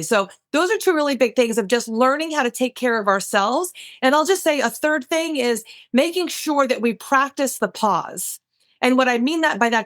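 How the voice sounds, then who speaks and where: A woman's voice: a little high, a bit bright, dry recording, studio quality. Earnest woman coach giving advice. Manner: earnest, speaks straight to listeners. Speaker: guest coach. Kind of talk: advice-giving interview talk.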